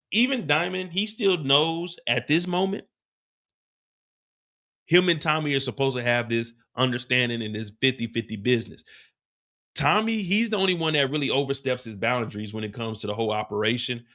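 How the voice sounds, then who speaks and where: Guy on a livestream going over an episode, slangy and swearing a lot, bright tense voice. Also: medium pitch, moderate pace. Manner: animated, profane, slangy. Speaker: livestream host. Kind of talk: casual TV episode recap.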